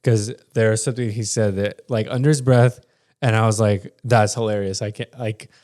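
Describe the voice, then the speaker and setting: A man's voice: fairly low pitch, steady tone, normal speed, mellow. A young man co-hosting a podcast, laid-back and dry-humored with short replies. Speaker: podcast co-host. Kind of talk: casual chat.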